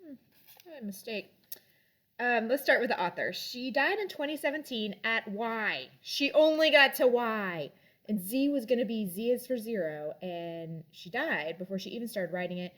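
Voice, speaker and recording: A woman's voice: a little high, animated, moderate pace, fairly bright tone. A young adult woman in casual chat, reviewing drinks and books in a rambling way with lots of fillers.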